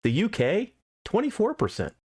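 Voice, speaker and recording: A man from Southern California co-hosting a casual chat podcast, cracking dry, sarcastic jokes in a deadpan delivery. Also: sits high, moderate pace, breathy edge. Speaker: podcast co-host.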